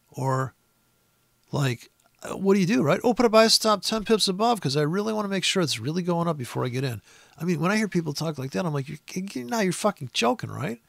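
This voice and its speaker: A man giving a casual, rambling and profane talk on trading, rising to loud, high-pitched rants. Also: creaky, no echo. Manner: profane, animated, gets loud and high when ranting. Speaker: trading educator.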